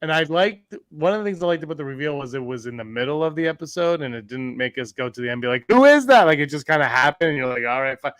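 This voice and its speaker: A man hosting a casual podcast chat, animated and quick to question his co-hosts. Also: medium pitch, no room sound. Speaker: podcast host.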